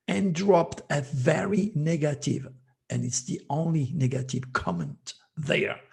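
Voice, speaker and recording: A man's voice: medium pitch, gravelly, a little mellow. A man hosting his own channel as an astrologer, speaking in an emphatic, repetitive monologue that scolds his listeners.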